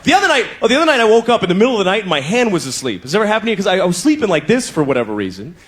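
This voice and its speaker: Animated man doing stand-up over a laughing crowd. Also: sits high, racing. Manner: animated storytelling, acts out other voices in bursts; profane, conversational asides. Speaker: stand-up comedian. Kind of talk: stand-up comedy set. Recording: live club with audience laughter. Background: audience laughter.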